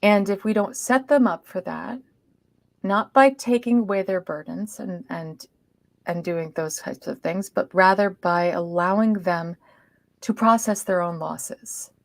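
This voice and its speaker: A woman speaking as a podcast guest, telling a personal story in an earnest way, swinging between loud emphasis and hushed asides. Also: medium pitch, unhurried, vocal fry, no room sound.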